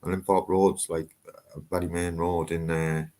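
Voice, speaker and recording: A man's voice: sits low, level tone, moderate pace, mellow. A man with a Teesside accent, swearing a lot as he chats brashly on a live stream from his loft. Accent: Teesside English. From Northeast England. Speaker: livestream host. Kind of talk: casual live-stream chat. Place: house loft.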